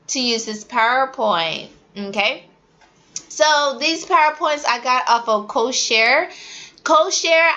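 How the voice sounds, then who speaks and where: Slow, bright-voiced woman teacher. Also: a little high, muffled recording. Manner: animated, acts out classroom drills. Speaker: ESL teacher. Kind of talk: casual teaching advice.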